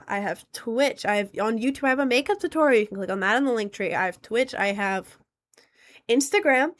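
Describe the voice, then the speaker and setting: A woman streamer chatting casually on a live stream, rambling with lots of fillers and restarts. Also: a little high.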